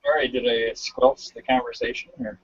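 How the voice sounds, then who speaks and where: A man joining a live-stream chat as a guest, playful and quick to laugh. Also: medium pitch, flat delivery, background noise. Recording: dull lo-fi stream audio.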